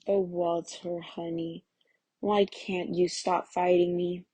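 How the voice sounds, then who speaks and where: A woman's voice: on the low side, flat delivery, slow pace, mellow, breathy edge, no echo. A woman reading the part of a tired young wife, pleading and resigned. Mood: weary.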